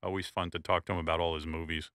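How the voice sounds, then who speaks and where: A man's voice: low-pitched, flat delivery, very fast, fairly bright tone, no echo, studio quality. A man hosting a radio show, telling a blunt, profane story with lots of asides. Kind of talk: casual storytelling tribute.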